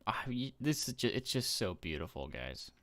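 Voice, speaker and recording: A man giving casual gameplay commentary, gushing with awe and often trailing off into soft murmurs. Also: on the low side, big pitch swings, moderate pace. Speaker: gaming YouTuber.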